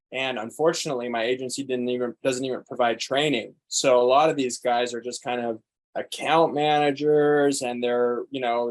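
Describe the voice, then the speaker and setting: A man speaking as an interview guest, eager and rambling. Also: medium pitch. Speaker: guest, digital marketer.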